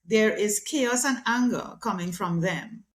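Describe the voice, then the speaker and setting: A middle-aged woman, a communication specialist, appears as a guest in a conversational interview, animated and acting out quoted voices. Her mid-range voice keeps a measured pace.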